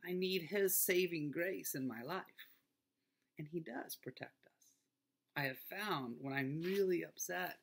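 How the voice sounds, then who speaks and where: A middle-aged man, a school pastor, giving a children's devotional talk in a gentle, earnest way that often sinks to a soft near-whisper. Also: on the high side, gravelly.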